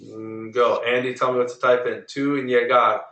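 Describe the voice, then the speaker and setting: Patient male Spanish teacher, bright voice. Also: medium pitch, little pitch movement, roomy sound, rough recording. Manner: patient, drills pronunciation slowly. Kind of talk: online class lesson. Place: online video meeting.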